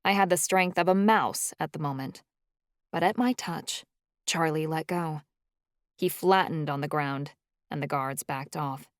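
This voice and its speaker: A woman with a fairly low voice narrates a first-person novel in an even, measured way. The recording is close and dry, with no room sound. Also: no room sound. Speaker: audiobook narrator.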